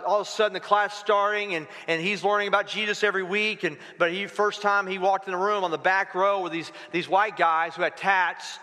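A middle-aged male pastor giving a sermon, telling stories in an animated way and acting out the dialogue. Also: sits high. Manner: storytelling, animated, acts out dialogue. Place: church sanctuary. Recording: long hall reverb.

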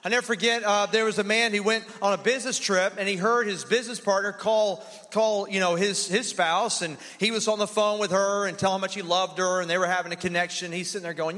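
A man preaching a sermon as pastor of his church, energetic and leading the congregation in call-and-response. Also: sits high, fairly quick, few pauses. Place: church sanctuary. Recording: long hall reverb.

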